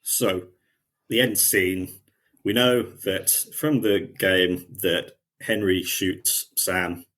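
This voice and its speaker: A man's voice: deep voice, fairly bright tone, slightly rough. A man, co-hosting a podcast and casually retelling scenes from a show. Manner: retelling scenes, quoting characters in a lighter voice. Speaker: podcast co-host. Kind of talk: casual chat.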